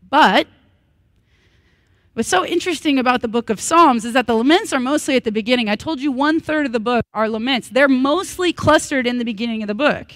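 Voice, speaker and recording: A pastor in her thirties preaches a sermon at a church worship service, speaking earnestly and breaking into lively, humorous asides. Her voice is high and brisk, and the recording is dry.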